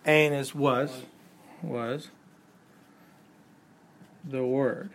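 A man's voice: mid-range voice, steady tone, extremely slow, slight background noise. A man teaching a Bible class, explaining patiently, repeating key points and quizzing his students, with the odd chuckle at his own examples. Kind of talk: classroom lecture.

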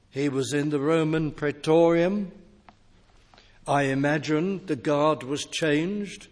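Slow, measured preacher in a hall. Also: male voice, on the high side, a little mellow. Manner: measured, emphatic preaching with deliberate pauses. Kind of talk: sermon. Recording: long hall reverb.

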